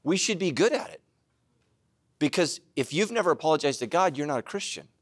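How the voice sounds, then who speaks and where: A middle-aged male pastor preaches with a voice that swings widely up and down, sitting a little high for a man. He jokes and laughs at his own mishaps. Now and then he bursts into loud shouted asides. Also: fairly quick. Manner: animated, joking and laughing at himself. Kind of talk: sermon.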